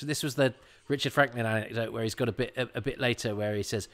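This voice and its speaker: This man talks fast at a medium pitch, delivering a rambling, conversational watch-along of an episode packed with restarts and lively asides.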